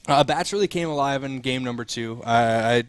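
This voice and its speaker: A man's voice: mid-range voice, clean tone, no room sound. A man as color commentator on a local baseball broadcast, joking and giving post-game thoughts. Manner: joking, quick, breathless after running. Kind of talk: local radio sports broadcast.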